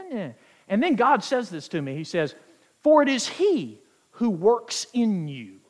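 A man's voice: high-pitched, a bit bright. Man, preacher, sermon, emphatic, long echo of a big hall. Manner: emphatic, quoting scripture with dramatic slowing.

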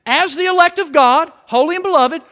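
A man preaching a sermon with fervor, building to shouted emphasis on key words. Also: extremely high pitch, fairly quick, long reverb tail.

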